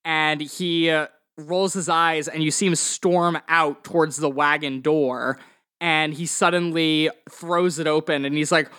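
A man with a slightly raised voice narrates a spooky tabletop game as game master. He explains the rules in a steady, patient way and describes each scene. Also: on the high side, a little slow, smooth.

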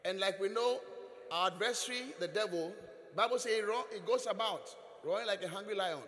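A man preaching a sermon as bishop, telling stories with animated delivery and frequent chuckles. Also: high voice, brisk. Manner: animated storytelling, chuckling often. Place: large church hall. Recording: echoey church hall.

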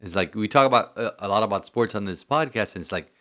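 A man's voice: fairly low pitch, quick pace, bright, forceful tone. A man, a Catholic priest, chatting earnestly on a podcast, rambling with many restarts. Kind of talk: casual podcast chat.

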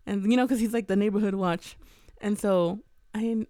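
A young woman co-hosting a podcast, telling a story in casual chat and acting out the quoted voices with big jumps in pitch. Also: fairly even intonation, normal speed, warm tone, dry recording, studio quality. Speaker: podcast co-host.

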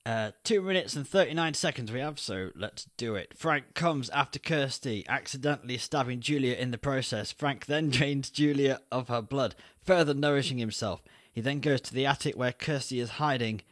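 Male co-host, playful and brisk, recorded dry and close. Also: mid-range voice, fairly bright tone, no room sound. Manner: playful, keeps time. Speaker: podcast co-host. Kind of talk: casual chat and plot recap.

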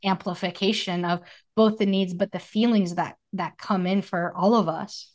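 A woman's voice: fairly low pitch, steady tone, normal speed, a little mellow. A woman in her thirties in casual conversation as a podcast co-host, speaking earnestly and reflectively in long flowing thoughts.

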